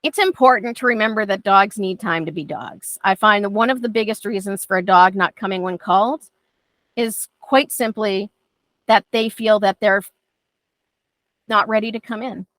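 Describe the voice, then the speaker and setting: A woman's voice: medium pitch, moderate pace, a bit bright, no room sound. A woman dog trainer teaching a class in a chatty way, often acting out how she talks to her dogs. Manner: chatty, acts out talking to dogs.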